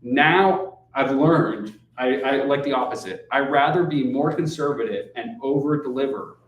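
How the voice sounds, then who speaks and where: A male investor speaking loosely and conversationally to a meetup crowd at a middle pitch. He is heard from a distance in a room with a strong echo. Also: a little slow, lo-fi sound. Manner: loose, conversational, keeps asking "right?"; swears casually. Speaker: guest speaker, real estate investor. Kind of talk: casual talk at a meetup. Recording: echoey room, distant mic.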